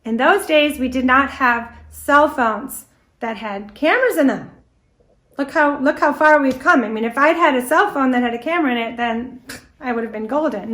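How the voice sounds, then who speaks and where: An American woman in middle age tells a story in an animated, anecdotal way, briefly acting out what people said. Her voice sits a little high for a woman. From United States. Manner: lively anecdotal storytelling, with quoted dialogue. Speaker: guest speaker on antique doll history. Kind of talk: storytelling presentation.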